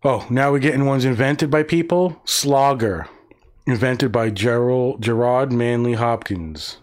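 A man's voice: medium pitch, a little slow, darkish tone. A man hosting a casual livestream, reading words aloud and reacting with profane, sarcastic, muttered asides. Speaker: livestream host.

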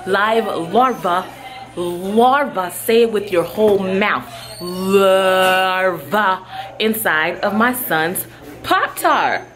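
A woman vlogger talks to her viewers in an easy, unhurried way. She is chatty and expressive and bursts into loud, alarmed exclamations. Music plays clearly behind her. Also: medium pitch. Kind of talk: casual vlog chat.

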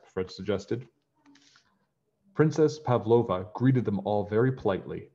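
A man reading a children's storybook aloud, narrating in a lively way and switching into character voices. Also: fairly low pitch, measured pace, pauses often, lo-fi sound. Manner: lively, raises his voice for characters and drops it for narration. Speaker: children's book reader.

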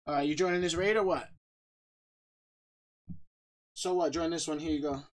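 A man's voice: fairly high pitch, normal speed. Joking, laughing male game streamer. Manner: joking, laughs often, reads out viewer shout-outs; bursts of loud excited talk. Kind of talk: casual live-stream chat.

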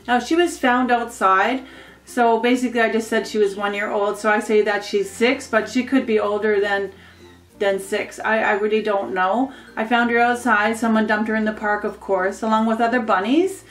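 A woman's voice: fairly high pitch, steady tone, normal speed, roomy sound. A woman chatting casually about her pets at home, rambling a little and cooing at the animals. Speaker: pet vlogger. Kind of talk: casual show-and-tell.

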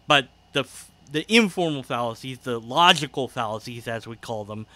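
A man's voice: mid-range voice, animated, moderate pace, bright, forceful tone, no room sound. A man giving a casual commentary rebuttal, argumentative and sarcastic, laughing at times. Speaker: video creator responding to a critic.

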